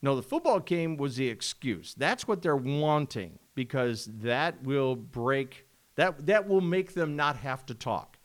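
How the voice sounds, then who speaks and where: A man co-hosting a podcast in casual chat, animated, exclaiming often and bursting into laughter. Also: medium pitch, measured pace. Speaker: podcast co-host.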